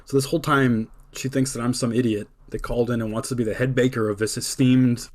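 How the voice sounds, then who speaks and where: A man's voice: medium pitch, flat delivery, quick pace. A young man hosting a podcast, telling a long personal story in a casual, chatty way, full of "like" and little laughs. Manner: chatty, heavy use of "like", laughs between lines. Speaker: podcast host.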